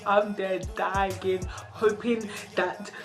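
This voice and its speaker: A young woman narrates a storytime with drama and frequent laughter. Her voice sits at an ordinary middle pitch, and music plays in the background. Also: little pitch movement, extremely slow. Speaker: vlogger. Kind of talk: storytime vlog.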